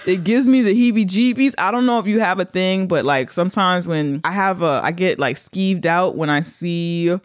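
A woman's voice: lowish voice, moderate pace, hardly any pauses, no echo, studio quality. A woman co-hosting a podcast in casual chat, rambling and emphatic as she airs her complaints. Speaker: podcast co-host.

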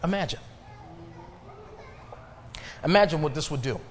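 A male pastor delivers a sermon in a church, his pitch swinging widely as he builds emphasis. He pauses for the congregation to answer him. The hall's long reverb trails each phrase over a faint hiss. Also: animated. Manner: preaching with rising emphasis and call-and-response pauses. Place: church sanctuary.

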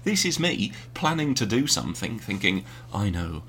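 A man's voice: on the low side, very animated, moderate pace, few pauses, a bit bright, slight background noise. A man co-hosting a casual home podcast, rambling and easily sidetracked, mocking himself as he goes. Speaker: podcast co-host. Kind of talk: casual chat. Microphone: home podcast mic with earpiece.

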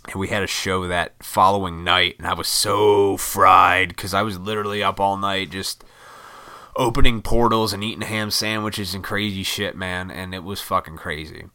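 Low, bright-voiced man telling a rambling story. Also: steady tone, moderate pace, clear, resonant tone. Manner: rambling, profane, laughs at his own story. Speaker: musician telling a personal story. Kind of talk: casual storytelling to camera.

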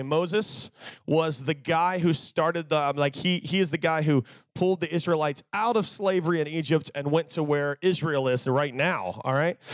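Male youth preacher, sermon, joking storyteller, high voice, dry close sound. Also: dry recording.

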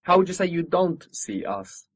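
A man's voice: sits high, big pitch swings, normal speed, slightly rough, no echo. A man teaching a spoken language lesson, patiently modelling pronunciation and encouraging his student.

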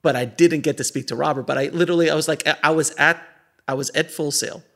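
Gravelly, bright-voiced man telling stories. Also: fairly high pitch, fast. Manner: animated storyteller, laughs often, many restarts. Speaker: guest filmmaker. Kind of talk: casual interview chat.

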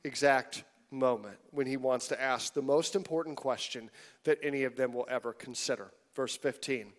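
A man preaching a sermon in a conversational, animated way, sometimes dropping to hushed tones. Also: medium pitch, normal speed. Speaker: pastor.

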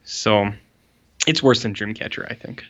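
A man's voice: fairly low pitch, unhurried, a bit bright. A young man co-hosting a podcast in casual chat, rambling with lots of fillers and sounding exasperated. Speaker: podcast co-host.

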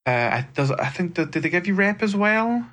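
A man's voice: high-pitched, animated, fairly quick, fairly bright tone. A man with a Scottish accent co-hosting a gaming podcast, chatting casually and rambling a little. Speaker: podcast co-host.

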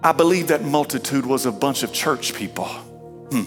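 A pastor giving an emphatic, dramatic sermon, voice rising into fervent shouts. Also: mid-range voice, lively intonation, normal speed, over music. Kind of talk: energetic sermon.

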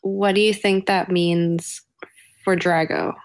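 A woman's voice: fairly low pitch, level tone, slow pace, no room sound. Woman with a slight Canadian accent. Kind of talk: casual chat.

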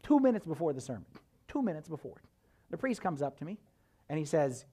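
A man, a priest, preaching a sermon as a conversational, animated story full of casual fillers. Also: on the high side, fairly quick, breathy edge.

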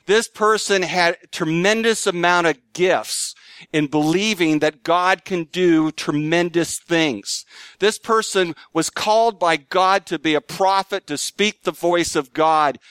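A man preaching a sermon in an earnest style, rising to emphatic highs and dropping to hushed lows. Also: smooth, no echo. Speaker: pastor.

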